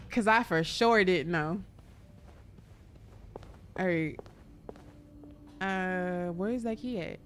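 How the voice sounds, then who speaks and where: A woman's voice: lowish voice, takes it slowly, pauses often, soft background music. A woman streaming a game live, chatty and joking, talking to her chat. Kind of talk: casual live gameplay commentary.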